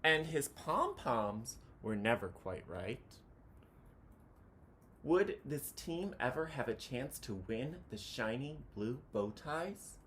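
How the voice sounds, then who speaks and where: A man reading a children's picture book aloud, chanting the counting cheers with animated delivery. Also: medium pitch, takes it slowly, a little hiss or hum.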